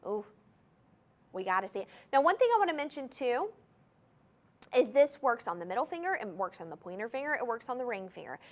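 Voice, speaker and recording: A woman hosting a shopping channel, gushing enthusiastically as she pitches jewelry straight to viewers in a TV studio. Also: big pitch swings, a little fast, long pauses. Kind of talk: live TV jewelry sales pitch.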